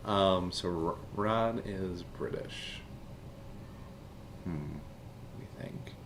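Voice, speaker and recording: A man's voice: deep voice, drawn-out words, noisy background. A man chatting playfully on a live stream, goofy and joking, often slipping into silly voices. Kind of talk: casual live-stream chat.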